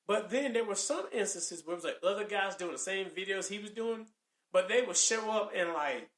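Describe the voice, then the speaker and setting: A man co-hosting a podcast in casual chat, animated and acting out quoted lines. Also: sits high, brisk, reverberant. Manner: animated, acts out quoted lines, laughs often. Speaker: podcast co-host.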